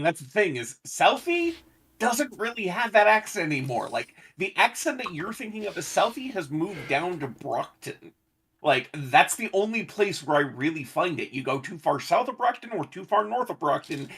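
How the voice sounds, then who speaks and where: Husky-voiced man pressing his point. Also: sits high, big pitch swings, fairly bright tone. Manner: insistent, quick bursts, argumentative. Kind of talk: casual discussion.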